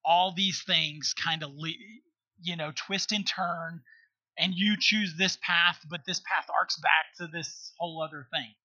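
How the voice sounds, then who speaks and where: Middle-aged man, high bright voice, emphatic storyteller who keeps checking in with his listener. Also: fairly even intonation, a little slow, muffled recording. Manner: earnest, emphatic, checks in with rhetorical questions. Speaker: guest. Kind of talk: conversational storytelling.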